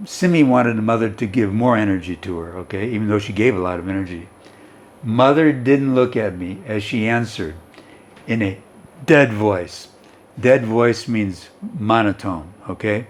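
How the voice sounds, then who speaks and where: A man's voice: fairly low pitch, unhurried. A male teacher reading and explaining a story, who keeps checking in with his students.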